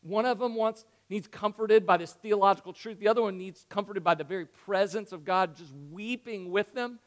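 A male pastor with a high voice delivers a lively sermon. He acts out the dialogue of the story and drops to quiet, hushed tones to drive his points home. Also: normal speed.

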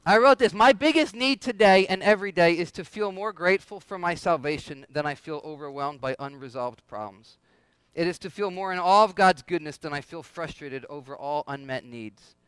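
A man's voice: on the high side, moderate pace, a bit bright, smooth, no echo. A man preaching a conversational sermon, often asking the congregation questions and repeating himself. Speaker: pastor.

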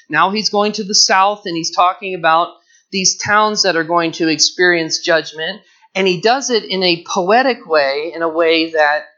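Bright-voiced man teaching scripture. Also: high voice. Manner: earnest, explanatory, stretches key words. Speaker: Bible teacher. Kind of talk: verse-by-verse Bible teaching. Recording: dull lo-fi recording.

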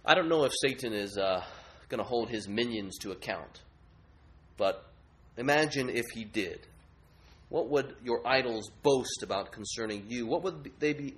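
A male pastor preaching a sermon, asking the listeners rhetorical questions. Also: mid-range voice.

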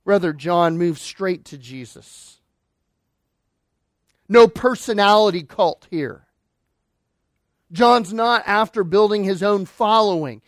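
A man with a high voice delivers an emphatic sermon from the pulpit. He swings between ringing declarations and hushed, slower asides. The recording is dry and close. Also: dry recording. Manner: emphatic preaching, swinging between loud declarations and quiet lines. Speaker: pastor.

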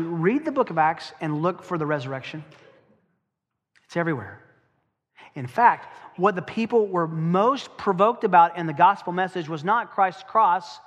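A man preaching a sermon. He is emphatic, asks rhetorical questions, and slows down to stress key phrases. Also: high-pitched, long reverb tail.

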